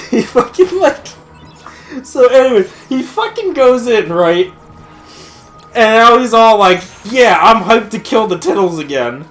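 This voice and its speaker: A man ranting in casual commentary, swearing freely and breaking into laughter. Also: sits high. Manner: profane, laughing rant. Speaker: let's play commentator.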